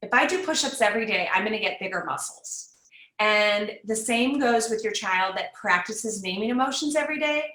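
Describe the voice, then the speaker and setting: A woman's voice: medium pitch, lively intonation, normal speed, bright, forceful tone, reverberant, low-quality recording. A woman speaking as a guest on an online parenting summit, teaching in an encouraging, conversational way over a video call. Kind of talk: live online summit talk.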